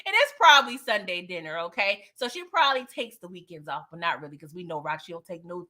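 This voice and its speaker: A woman's voice: fairly low pitch, lively intonation, a little fast, sharp tone. A woman hosting a live recap of a TV episode, chatting in a slangy, emphatic way, tagging her points with "okay?" and laughing often. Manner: chatty, keeps asking "okay?". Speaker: TV recap host. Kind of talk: live show recap chat.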